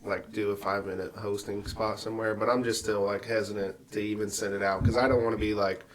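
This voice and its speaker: Laid-back, low-voiced male podcast host. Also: flat delivery, fast talker, slight background noise. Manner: laid-back, swears freely. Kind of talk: casual podcast chat.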